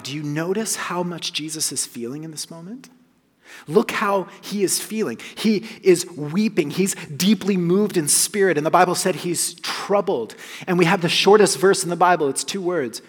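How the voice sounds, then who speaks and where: Husky guy preaching, earnest, big echoey church hall. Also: a little high. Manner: earnest, emphatic preaching, dropping soft on key phrases. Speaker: pastor. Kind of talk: sermon.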